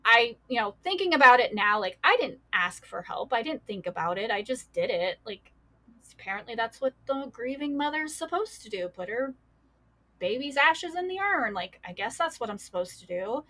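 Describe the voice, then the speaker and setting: A woman's voice: on the high side, very animated, moderate pace, a bit bright. A young adult woman, a podcast guest, telling a painful personal story with many fillers and quoted voices.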